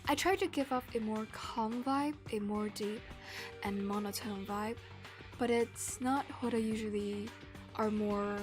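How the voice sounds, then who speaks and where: A woman from Asia chatting casually on a livestream, self-deprecating and quick to laugh. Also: fairly high pitch. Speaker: streamer.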